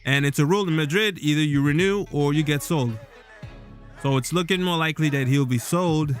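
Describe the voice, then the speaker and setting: A man's voice: a little high, a little fast, soft background music. A man giving casual solo football commentary as a vlog host, rambling loosely with fillers and restarts. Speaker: football vlogger.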